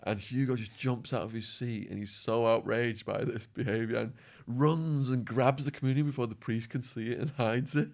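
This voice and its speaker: A man telling prison stories as a podcast guest, acting out quotes and laughing, his voice going hoarse. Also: medium pitch, normal speed, hardly any pauses. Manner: animated storyteller, acts out quotes, laughs. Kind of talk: storytelling interview.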